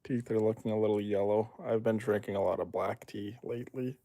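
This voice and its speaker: A young man streaming and reading chat, teasing his viewers playfully and then turning soft and reassuring. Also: lowish voice, fairly even intonation, brisk, no room sound, studio quality.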